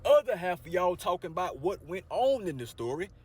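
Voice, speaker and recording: A man telling spiritual war stories from inside his car, animated and preachy, swinging from loud outbursts to low murmurs. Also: a little fast, slightly rough. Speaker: storyteller, spiritual vlogger. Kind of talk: casual storytelling to camera.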